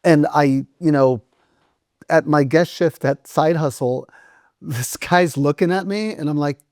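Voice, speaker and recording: A middle-aged man with a fairly high voice spins lively anecdotes in a casual sit-down interview. He jumps into the voices of the people he quotes and drops the odd swear word. The recording is close and dry, with little room sound. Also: normal speed, no echo. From United States. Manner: animated storyteller acting out quoted dialogue, swears casually. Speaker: restaurant owner and guest.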